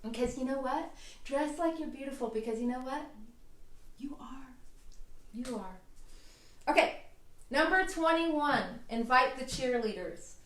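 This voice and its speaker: A woman's voice: high voice, normal speed, a bit bright, a little hiss or hum. A woman hosting a self-help vlog, giving casual, enthusiastic advice in a chatty manner. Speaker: herbalist vlog host. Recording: roomy, distant mic.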